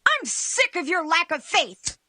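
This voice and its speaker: A woman voicing a mischievous cartoon kid with a high cheerful squeak. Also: very animated, measured pace, pushed and bright, slight background noise, heavily acted. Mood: gleeful. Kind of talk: cartoon voice acting.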